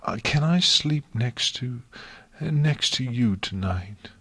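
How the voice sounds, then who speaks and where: A man's voice: mid-range voice, animated, sharp tone, slightly rough, dry recording, voice pushed up, full character voice. A man reading an audiobook, voicing a frightened, tearful young female unicorn who whimpers and stammers. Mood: sobbing. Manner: whimpering, sniffling, halting.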